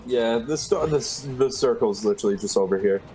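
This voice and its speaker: A man streaming a game in casual chat, excitable and laughing, swearing when he rages. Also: mid-range voice, brisk, a little hiss or hum. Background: loud game music and gunfire.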